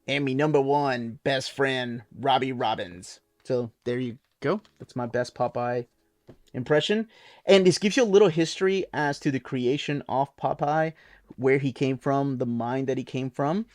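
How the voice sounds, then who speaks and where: A man's voice: mid-range voice, normal speed, a little mellow, no echo, clean studio sound. A man casually showing and reviewing comic books, rambling and enthusiastic with plenty of fillers. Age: adult, watched reruns as a kid. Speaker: book reviewer. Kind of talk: casual product overview.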